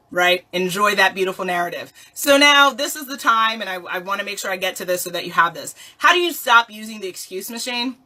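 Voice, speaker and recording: Woman life coach, bright tone, playful motivational delivery, rhetorical questions. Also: mid-range voice. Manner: animated, playful, laughs often, asks rhetorical questions. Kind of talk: motivational talk.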